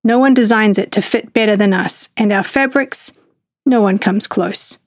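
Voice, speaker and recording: A woman's voice: medium pitch, normal speed, dry recording, clean studio sound, lightly acted. A woman voicing a proud, distraught Italian man who makes fine suits. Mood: aggrieved. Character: distraught Italian male tailor, middle-aged, proud.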